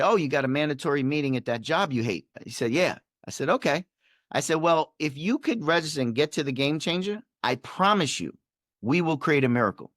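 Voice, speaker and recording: Animated man telling a coaching story. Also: no echo, studio quality. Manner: acts out dialogue with shifting pitch and energy. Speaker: performance coach, podcast guest.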